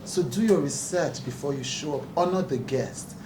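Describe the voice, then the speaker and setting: Man, higher-pitched, earnest and emphatic, laughs easily, echoey room, distant mic. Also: moderate pace, noisy background. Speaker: talk show host speaking at a press conference. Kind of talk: press conference remarks. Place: press conference room.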